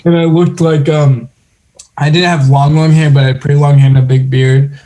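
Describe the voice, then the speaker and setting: On the high side and warm in tone, this young man's voice is delivered flatly at a normal speed. As a podcast co-host, he rambles through stories in loose conversation, often restarting and using many fillers.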